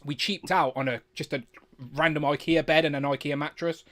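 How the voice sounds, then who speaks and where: A man with a slight lisp, hosting a live chat with guests, chatty and quick to laugh. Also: fairly high pitch, fairly even intonation, a bit bright. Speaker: livestream host.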